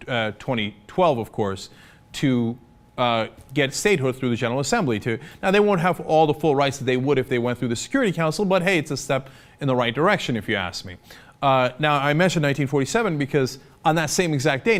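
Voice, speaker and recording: A young American man delivers heated opinion commentary, his voice sitting a little on the high side. He sounds indignant and sarcastic and often breaks into filler words. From United States. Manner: indignant and sarcastic, mocks opponents in put-on voices. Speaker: political commentator.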